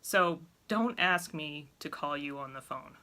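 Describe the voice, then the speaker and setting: A woman's voice: deep voice, measured pace, sharp tone. A woman talking bluntly and with exasperation to camera in a casual vlog. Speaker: vlogger.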